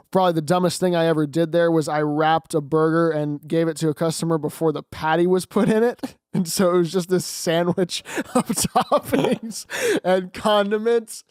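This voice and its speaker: Teen male co-host, high clear voice, relaxed chatty delivery, dry close mic. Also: no echo. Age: teens. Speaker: podcast co-host. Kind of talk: casual chat.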